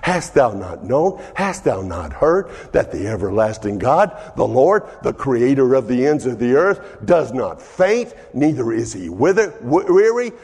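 Male pastor doing an earnest sermon, kinda breathy, big reverb-y hall. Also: medium pitch, sing-song, darkish tone. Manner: slow, earnest, preacherly reading with restarts. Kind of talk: sermon, Bible reading and reflection.

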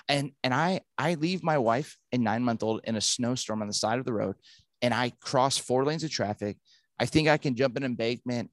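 A man, a pastor and author, telling a story in an interview and acting out the quoted lines with animated delivery. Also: medium pitch, a little fast, dry recording.

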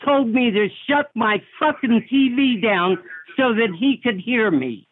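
Brief: angry woman on the phone, high-pitched, heard through a tinny phone line. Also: expressive, measured pace. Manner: indignant, argumentative. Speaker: prank call victim.

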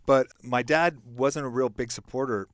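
A man's voice: mid-range voice, steady tone, moderate pace, no room sound, clean studio sound. A middle-aged man talking as a podcast guest, telling a reflective story with lots of restarts and fillers. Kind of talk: casual podcast conversation.

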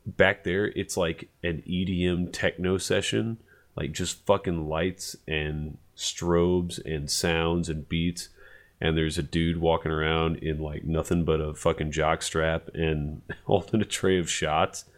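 Deep gravelly guy rambling thru a wild night story, swears a lot, does the voices. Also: slow. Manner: animated, profane, acts out quotes. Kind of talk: casual storytelling.

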